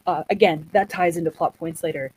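A woman casually retelling a story in a chatty, animated way, acting out what the characters say. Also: on the low side, a little fast, a little hiss or hum, rough recording. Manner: chatty, animated, acts out quotes.

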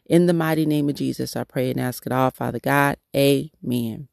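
A man hosting a devotional podcast, praying and encouraging listeners in a halting, repetitive way. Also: mid-range voice, steady tone, vocal fry, no room sound, clean studio sound. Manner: halting, repetitive prayer phrasing. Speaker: podcast host leading prayer.

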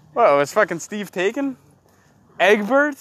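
A man chatting and joking crudely while hiking in the woods, teasing his friend with loud outbursts. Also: on the high side. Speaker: hiker filming outdoors. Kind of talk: casual joking chat. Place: woods outdoors.

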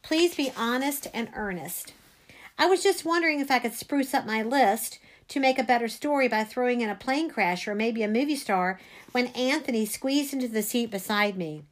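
Woman reading a story aloud, expressive, a bit high-pitched. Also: fairly quick. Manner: expressive first-person storytelling. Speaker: reader.

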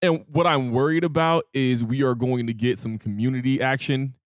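A man co-hosts a laid-back podcast and argues his points with emphatic, slangy conviction. His voice sits at an ordinary middle pitch. It is recorded dry and close, with no room sound. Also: steady tone, moderate pace, no echo. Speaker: podcast co-host. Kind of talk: casual chat.

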